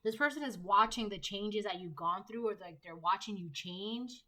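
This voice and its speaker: Bright-voiced woman giving a tarot reading. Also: medium pitch, moderate pace, poor audio. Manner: emphatic, repetitive rhetorical questions. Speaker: tarot reader. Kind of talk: collective tarot reading monologue.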